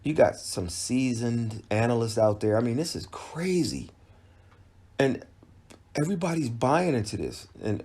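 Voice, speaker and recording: A man's voice: mid-range voice, a little mellow. A man giving a casual boxing fight recap as a channel host, conversational and emphatic, often restarting his sentences. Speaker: boxing commentator. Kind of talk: casual video commentary.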